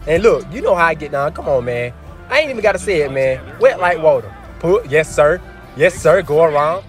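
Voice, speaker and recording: A young man commentates his own basketball game with brash, excitable trash talk, his slightly raised voice breaking out into sudden yells. Faint game music plays underneath him. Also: fairly high pitch, fairly quick. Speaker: gaming YouTuber. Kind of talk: casual gameplay commentary.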